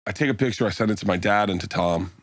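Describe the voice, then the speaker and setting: Low-voiced man telling a rowdy anecdote. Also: quick pace, no room sound, studio quality. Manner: rambling anecdote, acts out quoted dialogue, swears freely. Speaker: comedian guest. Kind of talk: podcast storytelling.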